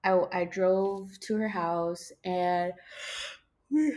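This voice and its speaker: A woman's voice: lowish voice, steady tone, very slow, warm tone. A young woman hosting a casual podcast, rambling, swearing a lot, losing her train of thought and yawning as she talks. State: yawning, tired. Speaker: podcast host.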